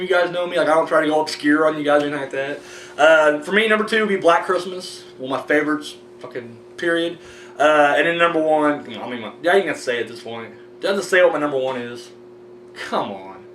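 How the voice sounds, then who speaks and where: A man's voice: fairly high pitch, a little fast. Rambling man in an echoey room. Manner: rambling, animated, swears casually, many fillers. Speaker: host of a horror movie review show. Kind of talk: casual review chat. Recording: echoey room, mic at a distance, faint hum.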